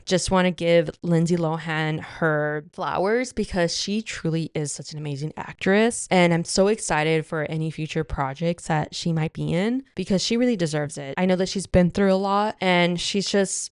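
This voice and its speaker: A woman in her thirties chats alone on her podcast, gushing and rambling with plenty of fillers. Her voice sits a little low and sounds smooth and clean. The recording is dry and close, with no room around it. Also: moderate pace, few pauses, no echo. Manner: chatty and gushing, many fillers like "like" and "you know". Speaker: podcast host. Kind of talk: casual solo podcast chat.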